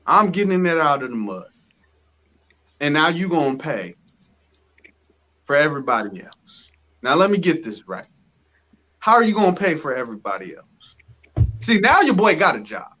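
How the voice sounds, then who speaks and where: Lively high-voiced man ranting. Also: moderate pace, pauses often. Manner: animated, emphatic storytelling with slang. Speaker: podcast co-host. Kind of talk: casual chat.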